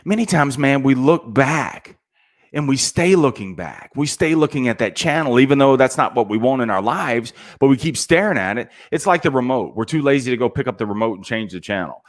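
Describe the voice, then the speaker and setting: A man's voice: medium pitch, expressive, fairly quick. A middle-aged man giving a casual motivational talk to salespeople, preachy and peppered with "man".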